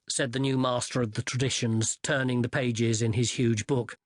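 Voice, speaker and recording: An audiobook narrator giving lively scripted narration of a comic fantasy novel. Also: mid-range voice, normal speed, hardly any pauses, no room sound, clean studio sound.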